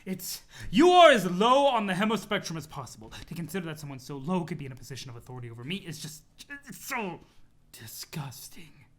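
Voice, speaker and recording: A man's voice: a little high, racing, hardly any pauses, a little mellow, lightly acted. A man voicing a snobbish, strong young male troll aristocrat who speaks formally and gets easily flustered.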